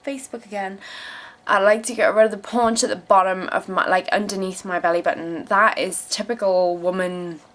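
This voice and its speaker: A woman's voice: mid-range voice, steady tone, moderate pace, fairly bright tone. A young woman grew up in South Africa and speaks with a South African accent that has picked up English tones. She reads out viewer questions and answers them in a casual vlog. Her delivery is frank and unfiltered, with swearing and emphatic repeated phrases. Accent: South African mixed with English. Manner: emphatic repeated phrases when giving advice.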